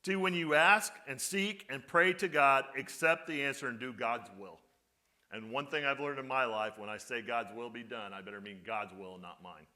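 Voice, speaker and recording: Bright-voiced male pastor preaching. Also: medium pitch, moderate pace. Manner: conversational preaching with rhetorical questions to the congregation. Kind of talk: sermon.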